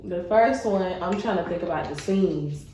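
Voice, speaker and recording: A woman's voice: lowish voice, normal speed, mellow. Woman, laid-back, frank, slangy, faint background noise. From Atlanta, Georgia, USA. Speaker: guest, army veteran and blogger. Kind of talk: casual podcast conversation. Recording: roomy, distant mic, faint background noise.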